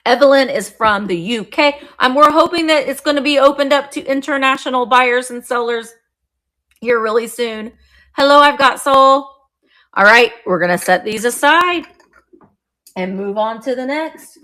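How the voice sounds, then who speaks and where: A middle-aged woman hosting a live online auction of vintage items, chatting warmly and greeting viewers by name as she describes each piece. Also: high-pitched, moderate pace. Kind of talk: live-stream sales chat.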